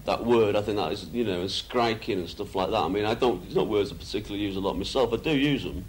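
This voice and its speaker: A man's voice: on the low side, fast talker, slight background noise. A man in an archival interview, rambling through anecdotes, laughing, with many "you know"s. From England. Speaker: musician interviewee.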